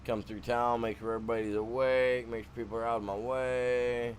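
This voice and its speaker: A man's voice: medium pitch, flat delivery, fairly quick, slight background noise. A man from Michigan with a Michigan accent, chatting casually while streaming a game, rambling and slangy. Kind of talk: casual gameplay chat.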